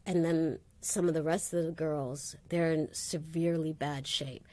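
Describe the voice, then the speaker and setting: A woman talks frankly about her life in a sit-down interview. She tells her stories with energy and acts out the people in them. Her voice sits low, and it is recorded close with a dry sound. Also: unhurried, no echo. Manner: animated storytelling, acting out quoted voices. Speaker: guest. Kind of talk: candid interview conversation.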